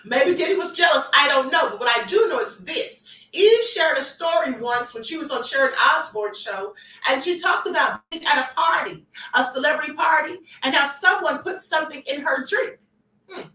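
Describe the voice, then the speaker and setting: A high-pitched woman with a sharp, bright voice hosts a gossip livestream. She talks emphatically, repeats her points and sometimes raises her voice. She sounds set back from the mic in an echoey room. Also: animated, normal speed, distant mic. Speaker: livestream host. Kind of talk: celebrity gossip commentary.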